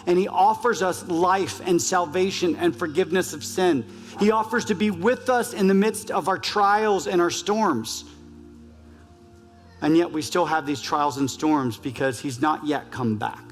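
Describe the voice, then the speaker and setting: Earnest male pastor in an echoing church. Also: on the high side. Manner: earnest, builds with repeated phrases. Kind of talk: sermon. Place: church sanctuary. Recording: reverberant church hall, faint music.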